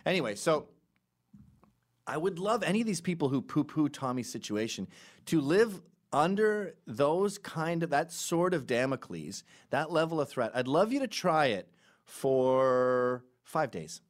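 A middle-aged man hosting a podcast, telling stories in an animated, sarcastic, casual way. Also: a little high, measured pace. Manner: animated storytelling with sarcastic asides. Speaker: podcast host.

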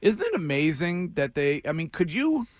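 Male radio host, slightly high voice, easy laugh, dry close sound. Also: big pitch swings, moderate pace, no echo. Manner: chatty, laughs easily. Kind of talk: casual radio interview.

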